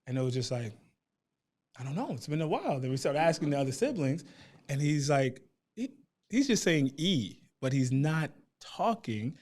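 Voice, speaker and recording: Guy in his 30s telling his family story at a town hall, gets animated, does the voices of people he quotes. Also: on the high side, normal speed. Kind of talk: personal storytelling.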